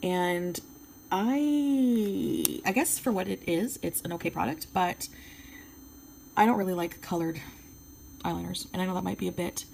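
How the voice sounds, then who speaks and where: Gravelly-voiced French Canadian woman reviewing makeup. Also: fairly low pitch, unhurried, pauses often, a little mellow, slight background noise, low-quality recording. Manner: chatty, hesitant, with frequent ums. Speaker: beauty vlogger. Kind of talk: casual product review.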